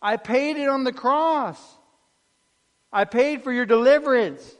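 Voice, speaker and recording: A preacher voicing an impassioned, reproachful savior. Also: male voice, very high voice, measured pace, long reverb tail, pitched above the performer's own voice. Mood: pleading. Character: Jesus as a pleading, wounded male savior.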